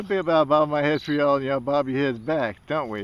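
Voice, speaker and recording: A man's voice: fairly high pitch, moderate pace, few pauses, highs cut off, a little hiss or hum. A man filming outdoors by a pond, chatting and coaxing ducks in a playful, teasing way. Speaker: vlogger. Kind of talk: casual talk to animals while filming.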